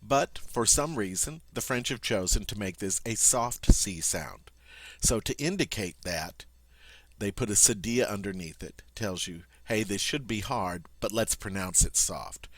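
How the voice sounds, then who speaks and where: Slow, low-voiced man teaching French. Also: animated, no room sound. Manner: clear, patient explaining with demonstrated sounds. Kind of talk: language lesson.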